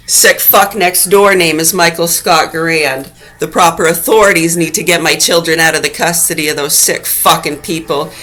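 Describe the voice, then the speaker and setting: Furious cursing woman, lowish voice. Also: poor audio. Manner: furious, cursing, swings from low mutters to shouted outbursts. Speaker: mother ranting to camera. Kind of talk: angry profane rant vlog.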